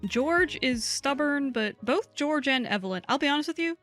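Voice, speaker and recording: A woman's voice: high voice, lively intonation, normal speed, a bit bright, soft background music. Chatty woman co-hosting a game stream. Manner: chatty, laughs often, rambling asides. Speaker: co-host and game player. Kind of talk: casual chat while streaming a game.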